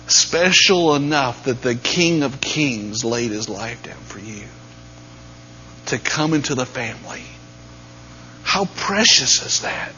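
A man preaching a sermon, dropping to near-whispers and then rising to loud, emphatic peaks. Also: a little high. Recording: dull lo-fi sound with faint mains hum.

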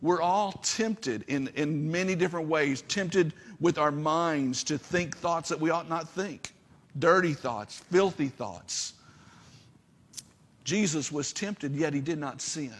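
A man's voice: a little high, takes it slowly, fairly bright tone, long reverb tail. A man preaching a sermon as pastor, earnest and building to impassioned peaks.

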